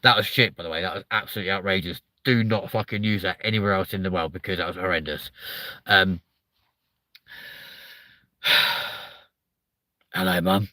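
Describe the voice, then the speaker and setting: Talking fast in a low, pushed and bright voice, a man from southern England chats with viewers on a live stream. He rambles, swears a lot and mocks himself, and the audio has no room sound.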